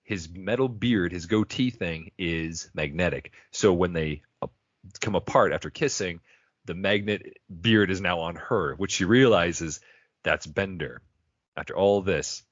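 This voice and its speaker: A man co-hosting a podcast, casually retelling a cartoon episode with quick acted quotes. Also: low-pitched, no echo, highs cut off. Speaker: podcast co-host.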